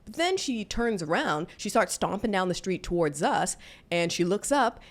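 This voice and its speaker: A woman's voice: medium pitch, very animated, moderate pace. A woman, candidly telling a personal story in a casual, conversational way. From Deep South, US. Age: 40s. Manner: candid, conversational, with many fillers. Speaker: vlogger.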